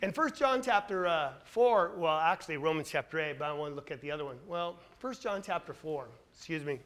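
Emphatic high-voiced male preacher. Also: animated, a little fast. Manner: emphatic, asks rhetorical questions; swings between loud stress and quiet asides. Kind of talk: sermon.

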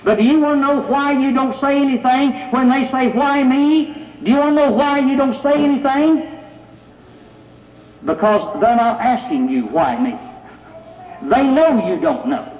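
A man preaches to his congregation in a conversational way, firing rhetorical questions at them. His voice sits very high for a man. The recording is dull and lo-fi, with a roomy church-hall echo. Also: unhurried. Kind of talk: sermon. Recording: echoey hall, dull lo-fi sound.

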